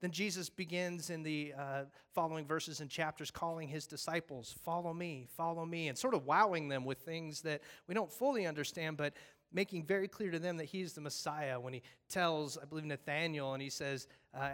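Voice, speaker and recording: This male pastor's voice sits a little high and moves at a brisk clip. His sermon is relaxed and chatty, retelling scripture with humor, animated storytelling, voiced characters, and conversational side jokes.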